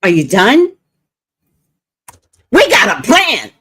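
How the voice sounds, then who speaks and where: This livestream host and reader speaks slowly at a medium pitch, with a breathy edge to her voice. She tells loud, foul-mouthed stories in a lively way and talks with her viewers over a streaming mic.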